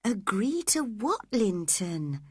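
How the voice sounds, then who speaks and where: A woman voicing a gentle but spirited young woman who speaks softly and coaxingly. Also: medium pitch, very animated, slow pace, breathy edge, no echo, clean studio sound, full character voice. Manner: soft and coaxing, firm when defiant.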